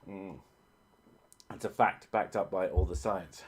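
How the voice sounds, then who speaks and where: A man's voice: low-pitched, steady tone, unhurried, husky. A man hosting a casual livestream, reading out chat and joking with a lot of swearing. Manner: profane, joking, easily sidetracked.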